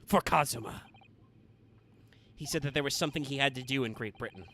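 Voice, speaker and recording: A man's voice: medium pitch, a little fast, pushed and bright, slight background noise. A man reading an earnest young would-be lawyer. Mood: determined. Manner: earnest, determined pleading. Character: earnest young male law student. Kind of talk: reading game dialogue aloud.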